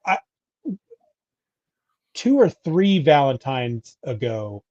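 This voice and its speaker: Sing-song and very slow, a middle-aged co-host rambles through casual podcast chat, chatty and self-correcting, often restarting what he says. His voice is medium-pitched with a darkish tone, captured as a dry, dull lo-fi recording.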